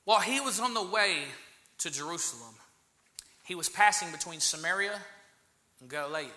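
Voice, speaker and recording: High, bright-voiced preaching man. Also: animated, normal speed, roomy sound. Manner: impassioned preaching, repeats key phrases and swells to loud exclamations. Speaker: pastor. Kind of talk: sermon.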